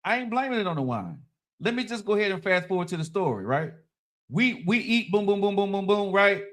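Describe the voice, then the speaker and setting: Man, thirties, high voice, swooping pitch, dramatic casual storyteller, profane. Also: a little fast. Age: 30s. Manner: animated, dramatic, repeats "right?". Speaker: storyteller on a live-streamed talk show.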